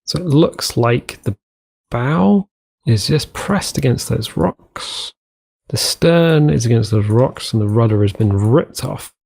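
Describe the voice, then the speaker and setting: A man's voice: mid-range voice, takes it slowly, gravelly, darkish tone. A young man hosting a casual game commentary, chatting to himself in a rambling way and repeating words as he works. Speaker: gaming channel host. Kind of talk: casual let's-play commentary.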